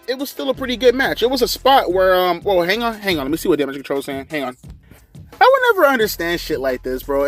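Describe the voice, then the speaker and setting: Young man, high lively voice, profane and rambling, reacting to a wrestling show, faint music under. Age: young adult. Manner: excitable, profane, rambling with slang. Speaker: wrestling commentator. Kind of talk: casual watch-along commentary.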